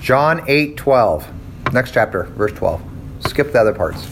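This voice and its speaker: A man's voice: mid-range voice, animated, unhurried, noisy background. A man teaching a Bible class in a casual lecture style, conversational and often checking in with his listeners. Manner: conversational, checks in with "okay?" and "right?".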